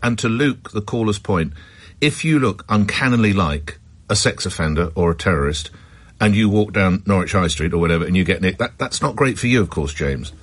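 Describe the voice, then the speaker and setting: Male radio host, phone-in chat, low voice, fast talker, brisk. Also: animated. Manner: brisk, chatty, quick to cut in.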